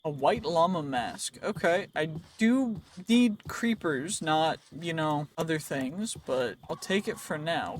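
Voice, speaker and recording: A man's voice: a little high, lively intonation, a little slow, few pauses, noisy background. A young man casually commenting while playing a game, rambling and joking to himself, his voice slightly worn. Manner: chatty, rambling, jokey self-talk. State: voice a bit worn. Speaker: let's play host.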